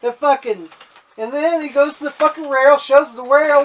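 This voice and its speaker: A man's voice: very high-pitched, fairly even intonation, moderate pace. A man co-hosting a casual wrestling chat, blunt and swearing heavily as he rants. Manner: blunt, heavy swearing, ranting. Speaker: podcast co-host.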